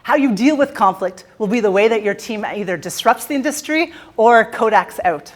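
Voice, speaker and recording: A Canadian woman with a slightly high voice gives a motivational keynote from a conference stage. She is playful and jokey, and she teases the crowd as she goes. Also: animated, normal speed. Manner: playful, jokey, teasing the audience. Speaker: keynote speaker.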